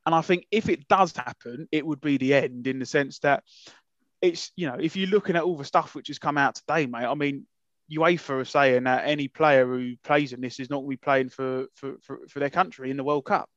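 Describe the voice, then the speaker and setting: A man's voice: mid-range voice, brisk, fairly bright tone, no room sound. A man co-hosting a casual podcast, ranting with passion and indignation and swearing freely. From England. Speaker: podcast co-host. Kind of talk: heated casual podcast rant. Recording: dull lo-fi sound, dry.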